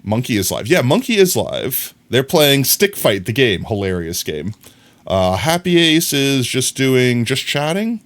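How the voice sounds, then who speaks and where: Man, live streamer, casual chat, playful, animated delivery. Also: mid-range voice, unhurried. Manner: playful, joking, chuckles often.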